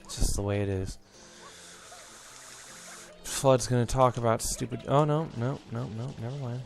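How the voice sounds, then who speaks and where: A man's voice: medium pitch, normal speed, creaky, faint music behind. A young man hosting a let's play, rambling and reminiscing through his commentary with lots of fillers, a bit out of breath.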